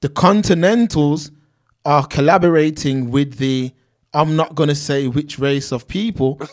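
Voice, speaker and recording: A man's voice: fairly high pitch, unhurried. Man reading a livestream chat. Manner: reads out viewer names and comments, street slang.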